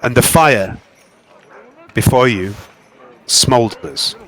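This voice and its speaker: A man's voice: medium pitch, a bit bright, low-quality recording. Man narrating with grand drama. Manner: slow, dramatic descriptive narration. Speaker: game master. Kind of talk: narrating a tabletop game.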